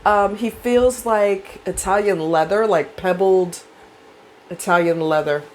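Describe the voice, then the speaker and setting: A woman's voice: medium pitch, slow pace, rough recording. A woman vlogger telling personal stories in a chatty, rambling way, acting out voices from her stories. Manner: chatty, rambling, with fillers and animated quoted voices. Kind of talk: casual storytelling.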